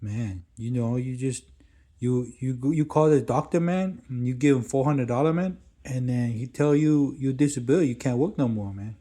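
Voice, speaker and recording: A man voicing a pushy, smooth-talking hustler who works on a stranger, with broken grammar and "man" at the end of every phrase. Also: medium pitch, moderate pace, warm tone, pitched above the performer's own voice, close to an everyday voice. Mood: pushy, wheedling. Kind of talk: acted quote in a casual story.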